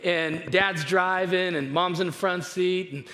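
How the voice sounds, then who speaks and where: Guy pastor preaching casual, kinda high voice, repeats stuff a lot, long echoey church hall. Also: fairly even intonation, a little slow, fairly bright tone. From California. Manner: chatty, repeats himself, storytelling. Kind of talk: conversational sermon. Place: church auditorium. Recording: reverberant hall with faint noise.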